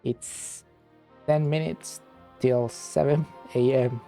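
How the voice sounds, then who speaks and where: A man streaming a game, chatting with viewers in a slow, relaxed, rambling way. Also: medium pitch, soft background music. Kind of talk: casual gameplay commentary.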